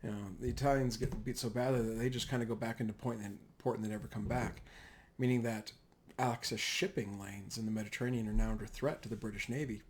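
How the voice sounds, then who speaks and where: Casual lower-voiced man lecturing on history. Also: fairly even intonation, fast, a little hiss or hum. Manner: casual, rambling, self-correcting. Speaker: history teacher. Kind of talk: classroom history lecture over slides.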